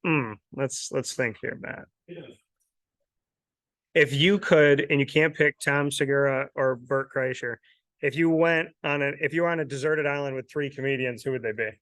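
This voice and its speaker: A man's voice: medium pitch, normal speed, fairly bright tone, no room sound. Chatty male sports interview host. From Syracuse, New York. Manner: chatty, laughs often.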